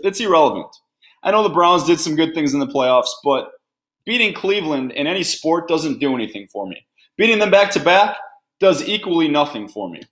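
A man's voice: a little high, a bit bright. A man hosting a sports podcast, delivering a blunt, fired-up, opinionated rant.

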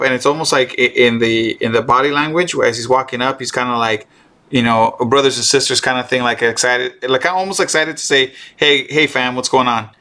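A man chatting casually and excitedly about a show episode, swearing and restarting often. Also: mid-range voice. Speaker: streamer co-host. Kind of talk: casual show recap chat.

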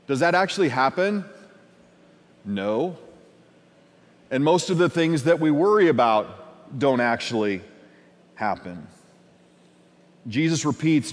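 Pastor preaching with hall reverb. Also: male voice, fairly high pitch, a little slow, pauses often. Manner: conversational, acts out everyday questions. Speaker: lead pastor. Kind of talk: sermon. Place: church sanctuary.

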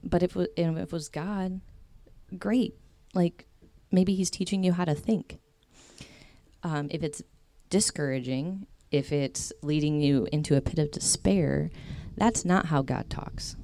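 Low-voiced woman giving a chatty faith talk. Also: measured pace, mellow, no echo. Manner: chatty, many fillers and tangents. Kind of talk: casual faith talk to a group.

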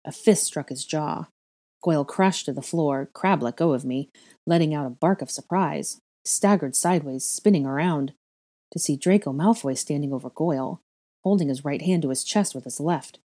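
Woman narrator, storytelling reading, expressive, low pitch, mellow. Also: normal speed. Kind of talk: fan fiction reading.

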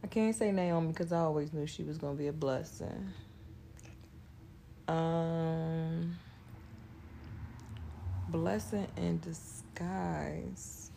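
Slow, low-voiced woman with vocal fry. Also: fairly even intonation, dark tone, slight background noise. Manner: slow and thoughtful, pausing to find words. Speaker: co-host in a couples question chat. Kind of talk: casual chat.

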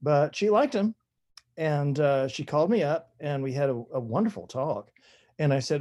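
An older man, an author, telling stories from his career in a relaxed, rambling interview manner with many fillers. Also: on the high side, moderate pace. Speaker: author guest. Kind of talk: conversational interview storytelling.

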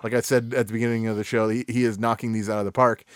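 A man's voice: mid-range voice, little pitch movement, racing, clear, resonant tone, no echo, studio quality. A man hosting a casual gaming podcast, full of "uh"s, repeated words and easy laughs. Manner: filler-heavy, repeats words, laughs often. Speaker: podcast host.

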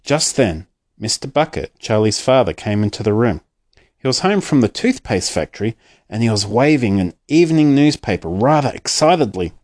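Expressive man reading a storybook. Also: medium pitch, normal speed. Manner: expressive and lively. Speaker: narrator.

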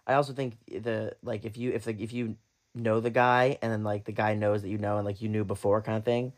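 A young man co-hosting a podcast, talking in an animated, rambling way with plenty of swearing. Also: fairly low pitch, a little fast. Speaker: podcast co-host. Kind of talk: casual chat.

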